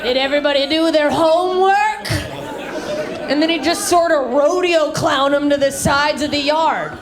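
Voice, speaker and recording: A woman performs a stand-up set on a live stage, full of energy and shouting out her punchlines. Her voice sits slightly high. A crowd's laughter rolls in behind her throughout. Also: normal speed. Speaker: stand-up comedian. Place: comedy stage in front of a live audience. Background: audience laughter.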